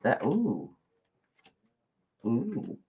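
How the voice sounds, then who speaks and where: A woman's voice: very deep voice, very animated, very slow, breathy edge, phone-quality sound. Chatty woman hosting a live stream. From Georgia, US. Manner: chatty and effusive, laughs often. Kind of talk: casual live-stream chat reading viewer comments.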